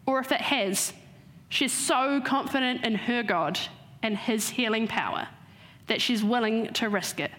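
A woman with a fairly high voice preaching a sermon. She retells the story step by step and slows down on the words she wants to land. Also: a bit bright.

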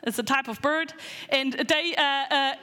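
A woman giving a casual Bible talk to her church, chatty and animated, with lots of fillers and restarts. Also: high-pitched, unhurried, in a large hall. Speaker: preacher teaching a Bible lesson.

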